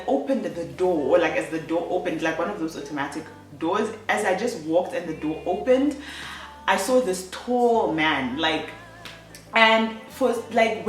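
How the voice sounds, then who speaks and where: A woman's voice: on the low side, a bit bright, distant mic. A young woman telling a personal story on her vlog, chatty, with lots of fillers and self-corrections. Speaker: vlogger. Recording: echoey room, voice off-mic, faint music.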